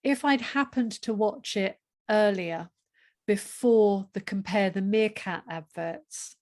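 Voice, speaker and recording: A woman's voice: mid-range voice, slow pace, darkish tone. A woman with an English accent hosting a podcast, joking and apologising with a giggle. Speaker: podcast host. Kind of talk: casual podcast chat.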